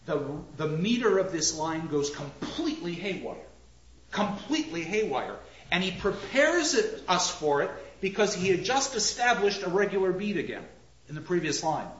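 A man giving a literature lecture, animated and theatrical, reading lines aloud with heavy emphasis. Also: high-pitched, moderate pace, slight background noise. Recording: echoey lecture hall, dull lo-fi sound.

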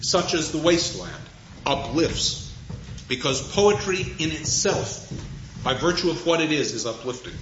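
A man with a slightly high voice lectures on poetry in a measured, thoughtful way, pausing and slowing down for emphasis. The recording is roomy and a little dull, with faint noise in the background. He sounds like a reflective teacher. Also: lively intonation, a bit bright. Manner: measured, thoughtful, with deliberate pauses and slowed emphasis.

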